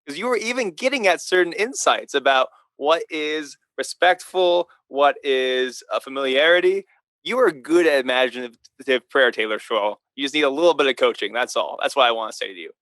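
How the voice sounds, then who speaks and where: Bright-voiced priest co-hosting a podcast. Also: male voice, mid-range voice, moderate pace, dry recording. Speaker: priest co-host. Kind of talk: casual chat.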